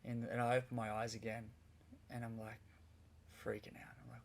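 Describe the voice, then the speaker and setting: A man's voice: medium pitch, monotone, moderate pace, creaky. A man, a podcast guest, telling a vivid story in casual conversation, rambling a little with restarts.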